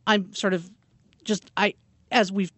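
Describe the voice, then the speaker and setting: A woman co-hosting a radio show, chatting and retelling stories in an animated way. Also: medium pitch, measured pace, no echo. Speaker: radio co-host. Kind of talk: casual radio banter.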